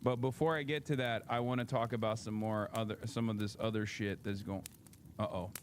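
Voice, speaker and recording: A man's voice: fairly low pitch, fairly even intonation, brisk, a little hiss or hum. Rambling, profane male streamer. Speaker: streamer host. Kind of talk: casual live-stream commentary.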